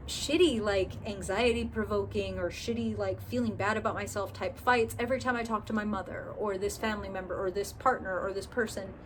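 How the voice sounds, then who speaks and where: A woman's voice: medium pitch, steady tone, a little fast, hardly any pauses, a little hiss or hum. A woman giving a casual tarot reading to camera, chatty and candid, swearing freely and acting out people's inner thoughts. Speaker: tarot reader.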